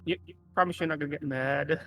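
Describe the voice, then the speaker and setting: A man's voice: on the high side, fairly even intonation, quick pace, sharp tone, poor audio. A man playing a cheeky apprentice at a tabletop game, playful and stammering. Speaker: player. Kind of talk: in-character tabletop role-play.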